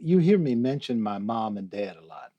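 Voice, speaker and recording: An older man as a guest in an interview, talking slowly and reflectively, reciting poetry and laughing often. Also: on the low side, very animated, muffled recording. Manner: slow, musing, quotes poetry, laughs often. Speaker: guest, theologian.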